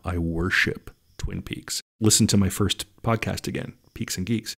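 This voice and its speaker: A man with a low, gravelly voice answering listener questions on his podcast. He rambles in a relaxed way, swears casually, and sounds like his voice is wearing out. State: losing his voice. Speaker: podcast host.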